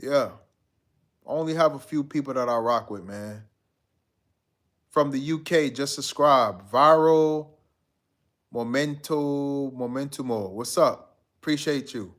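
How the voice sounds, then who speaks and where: A man talks to his live-stream viewers in a relaxed, slangy way. He reads out their comments and answers them directly. His voice sits at an ordinary middle pitch. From United States. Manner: laid-back, slangy, talks straight to viewers.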